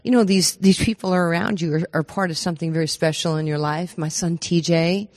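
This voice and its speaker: A woman, telling stories as a podcast guest in an animated, laughing way. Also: lowish voice, brisk, in a large hall. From New York. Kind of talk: storytelling podcast interview.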